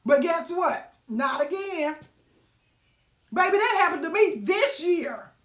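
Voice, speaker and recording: A woman's voice: very high-pitched, lively intonation, takes it slowly, reverberant. A woman giving a sassy, preachy motivational talk, calling listeners baby and honey. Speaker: motivational vlogger.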